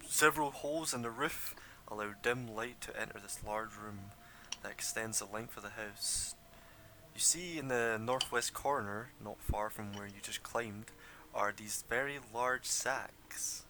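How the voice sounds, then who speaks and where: A man's voice: on the low side, unhurried, bright, forceful tone, a little hiss or hum. A young man running a tabletop game as game master, describing scenes loosely with lots of fillers and laughter.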